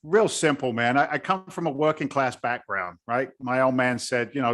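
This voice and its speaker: A man's voice: mid-range voice, fairly quick, few pauses. A man in his fifties from England, with a blended London and Boston accent, chatting as an interview guest in a rambling, blue-collar way. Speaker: guest, real estate investor. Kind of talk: casual conversation.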